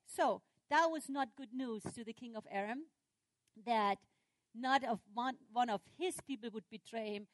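A woman preaching a sermon, retelling a scripture story with lively, dramatic swings in her voice. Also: on the high side, no room sound.

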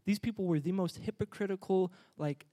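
Man, preacher, sermon, high voice, energetic, playful, calls for responses. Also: fairly quick. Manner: energetic, joking, urging the congregation to respond.

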